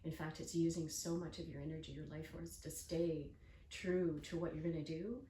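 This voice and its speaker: A woman's voice: sits low, flat delivery, normal speed, mellow. An older woman hosting an interview, talking earnestly and telling stories with acted-out quotes. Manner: earnest, storytelling, acts out quoted voices. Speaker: host. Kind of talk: casual interview chat. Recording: echoey room from far off with faint noise.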